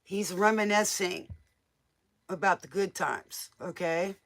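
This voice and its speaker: A woman's voice: on the low side, slow. A woman giving casual, motherly tarot readings to viewers on a live stream. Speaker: tarot reader.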